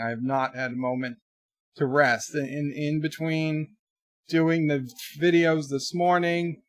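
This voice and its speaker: A man's voice: fairly high pitch, no room sound. A man chatting casually on his live stream at home, telling a rambling story and reading chat messages aloud. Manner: rambling storyteller, many restarts.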